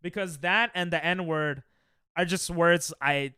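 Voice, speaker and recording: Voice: mid-range voice, unhurried, sharp tone, clear, resonant tone, dry recording, clean studio sound. A young adult streamer chatting casually with viewers while playing, reacting to chat and laughing often. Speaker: Twitch streamer.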